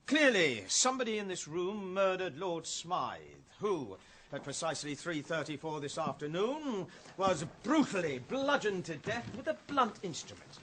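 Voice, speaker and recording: A man's voice: high-pitched, very animated, moderate pace, a bit bright, slight background noise. An actor playing a pompous, theatrical male detective in a comic murder-mystery film, questioning suspects with grand, declamatory delivery. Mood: accusing.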